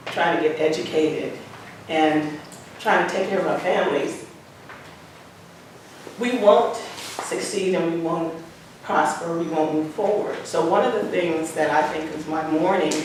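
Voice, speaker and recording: Lady in her 60s telling stories, repeats herself for emphasis, mic far off, noisy background. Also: fairly low pitch. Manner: repeats phrases for emphasis, acts out quoted dialogue. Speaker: museum founder sharing life lessons. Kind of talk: earnest conversational storytelling. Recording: echoey room, mic far off, background noise.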